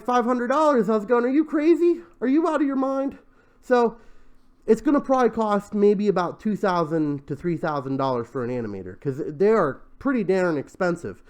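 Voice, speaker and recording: Animated, sarcastic young man ranting. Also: sits high. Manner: sarcastic, exasperated, many restarts and sighs. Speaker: show host. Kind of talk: commentary on crowdfunding pitches.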